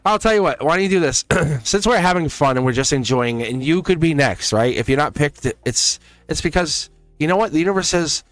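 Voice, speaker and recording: A man's voice: fairly high pitch, expressive, brisk, few pauses, dry recording, faint music behind. A man hosting a live tarot stream, talking casually and encouragingly to his chat with frequent laughs. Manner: rambling, encouraging, laughs often; talks straight to chat viewers.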